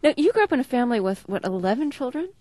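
A woman's voice: a little high, big pitch swings, dark tone, no room sound. Curious woman interviewer, dry studio voice. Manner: curious, quick to laugh. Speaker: radio interviewer. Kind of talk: radio interview.

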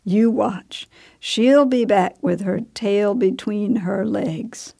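A woman voicing a proud, sharp-tongued mother who speaks in a snapping, withering way. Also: medium pitch, slow pace, vocal fry. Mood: scornful.

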